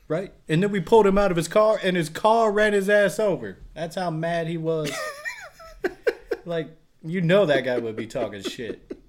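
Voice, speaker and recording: A man's voice: a little high, normal speed. A man co-hosting a casual podcast, telling stories full of swearing and laughter. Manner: profane, laughing storyteller. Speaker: podcast co-host.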